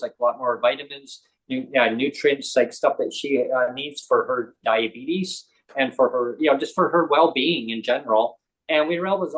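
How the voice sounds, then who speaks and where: A Canadian man with a medium-pitched voice, recorded with poor audio, appears as a talk show guest. He tells a story animatedly in casual, conversational fashion, acting out the voices of people he quotes.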